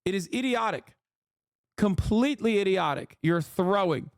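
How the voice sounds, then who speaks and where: A man's voice: high voice, lively intonation, normal speed, smooth, no room sound, clean studio sound. A political streamer, a man, delivering heated, profane live-stream commentary.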